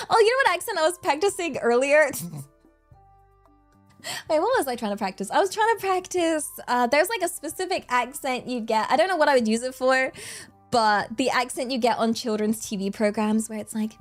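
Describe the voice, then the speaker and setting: A woman's voice: sits high, animated, fairly quick, faint music behind. A woman streaming, chatting casually and animatedly, often laughing as she rambles. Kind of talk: casual chat.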